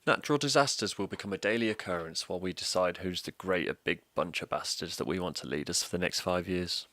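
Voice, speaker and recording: A man delivering a scripted comedic political rant, sardonic and sweary with deadpan mockery. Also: low-pitched, quick pace, few pauses, dry recording. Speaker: comedic ranter.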